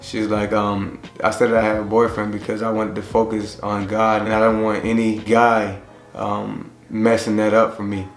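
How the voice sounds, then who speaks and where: A man with a fairly low voice tells a laid-back story, pausing often and acting out the dialogue. The room echoes around him, and faint music plays underneath. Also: monotone. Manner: laid-back, halting retelling that acts out dialogue. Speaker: husband telling how the couple met. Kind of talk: casual storytelling. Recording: roomy echo with faint music.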